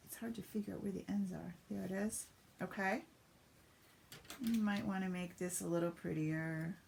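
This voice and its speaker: A woman's voice: lowish voice, fairly even intonation, normal speed, gravelly, darkish tone, a little hiss or hum. A woman giving a chatty step-by-step craft demonstration on a live stream, greeting viewers as she works. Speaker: papercraft demonstrator.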